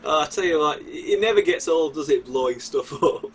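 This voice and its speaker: A man's voice: a little high, lively intonation, a little fast, a little hiss or hum. A man from England with a Wigan accent, a friendly developer guest who laughs easily. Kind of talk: casual chat.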